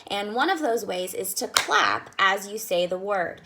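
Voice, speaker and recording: A woman teaching young children, patient and sounding out words slowly. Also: medium pitch, animated, background noise. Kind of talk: children's lesson.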